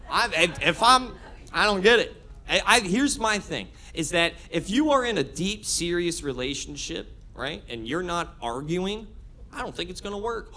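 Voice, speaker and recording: Guy doing standup in a club, high voice, lively and chatty with the crowd. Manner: energetic, conversational, frequent laughs and restarts. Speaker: stand-up comedian. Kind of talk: stand-up comedy set with crowd work. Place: comedy club stage.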